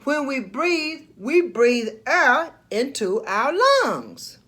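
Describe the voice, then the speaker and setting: A studious young cartoon nephew explains things plainly, voiced by a woman reading a storybook. The voice is high and unhurried. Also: huge pitch swings, fairly bright tone, full character voice. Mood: explaining. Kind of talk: storybook read-aloud.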